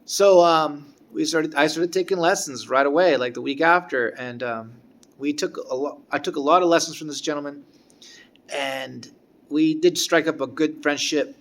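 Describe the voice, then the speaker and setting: A man with a slightly higher-than-usual voice tells a personal story in a casual, rambling way. He halts, repeats himself and restarts his sentences as he goes. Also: a bit bright. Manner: rambling, halting, with frequent restarts. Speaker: former guitar student.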